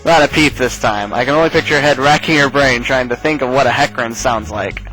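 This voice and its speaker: A man hosts a let's play, reading a text adventure aloud with casual asides. His voice sits at a medium pitch. Game music plays faintly behind him. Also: fast, few pauses, bright, forceful tone, poor audio.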